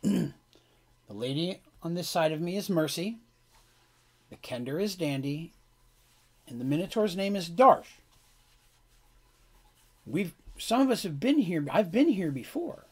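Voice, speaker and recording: A man voicing a calm, diplomatic young woman adventurer who speaks earnestly and reassuringly. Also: a little high, measured pace, long pauses, breathy edge, voice pushed up. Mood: pleading.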